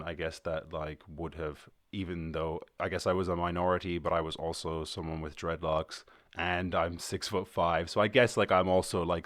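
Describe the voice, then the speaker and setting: Irish man, twenties, low-pitched, dry, rambling casual podcast host. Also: a bit bright, no echo. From Ireland. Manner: rambling, loose and profane, restarts mid-sentence. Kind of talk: casual chat.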